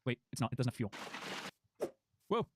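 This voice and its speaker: A man giving excitable gameplay commentary, exclaiming and laughing often. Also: medium pitch, normal speed, noisy background. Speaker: gaming video creator. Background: background music.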